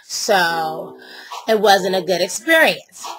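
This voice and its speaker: A woman's voice: fairly low pitch, lively intonation, takes it slowly, a bit bright, low-quality recording. A middle-aged woman ranting to camera, heated and blunt, with a lot of swearing. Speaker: vlogger.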